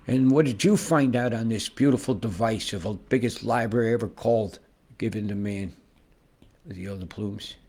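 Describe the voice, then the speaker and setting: Man, low gravelly voice; rambling conspiratorial vlogger pointing at a screen, swears freely. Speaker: weather vlogger.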